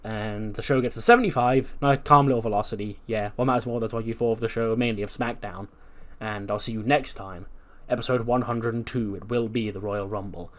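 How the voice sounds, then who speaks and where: A man's voice: lowish voice, fairly even intonation, a little fast, few pauses. A man hosting a casual let's-play commentary in a laid-back way, swearing now and then. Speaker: gaming video host.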